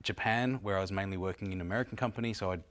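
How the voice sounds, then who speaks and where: A man from Adelaide with an Australian accent, his voice pitched fairly low. He chats on the radio in a relaxed, anecdotal way and brushes off teasing with a laugh. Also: racing. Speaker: radio guest. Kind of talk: casual radio chat.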